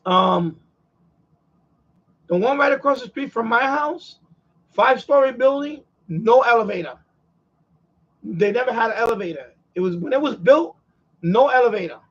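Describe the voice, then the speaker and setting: A man's voice: extremely high pitch, expressive, normal speed, pauses often, fairly bright tone, husky, dull audio. A man with a New York accent chatting casually and repetitively on his radio hobby live stream. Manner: repetitive, conversational, chuckles often. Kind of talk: casual rambling chat.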